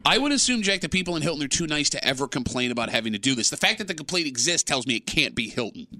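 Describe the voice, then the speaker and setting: A man in his forties hosting a morning radio show, teasing callers and co-hosts in a loud, excitable way. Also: a little high, racing. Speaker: radio host.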